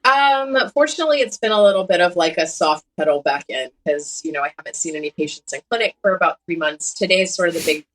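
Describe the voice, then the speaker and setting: A woman's voice: lowish voice, lively intonation, quick pace, hardly any pauses, fairly bright tone, rough recording. A woman in her thirties, a surgeon and podcast guest, chatting candidly and poking fun at herself, often laughing as she talks. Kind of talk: casual conversation.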